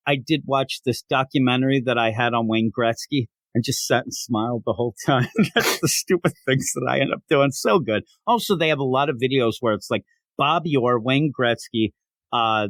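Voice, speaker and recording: A middle-aged man co-hosting a comics podcast, chatting casually and rambling through jokey stories with animated bits. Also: mid-range voice, dry recording, clean studio sound. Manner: rambling, jokey, animated, acts out silly voices. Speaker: podcast co-host. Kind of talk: casual chat.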